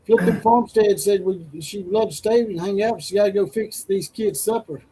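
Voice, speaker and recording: A man's voice: high voice, normal speed, warm tone, breathy edge, poor audio. A man co-hosting a live sports watch party stream, laid-back as he reads viewer comments aloud. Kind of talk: casual live-stream chat.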